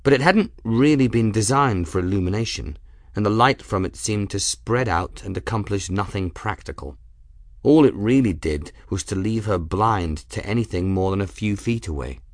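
A man reading a fantasy story aloud as narrator, in a measured storytelling delivery. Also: fairly low pitch, expressive, dry recording, studio quality. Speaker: audiobook narrator. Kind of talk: scripted narration.

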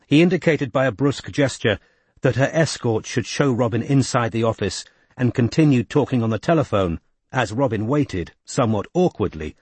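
A man reading a novel aloud in even, measured scripted narration. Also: medium pitch, slightly rough, dry recording. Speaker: audiobook narrator.

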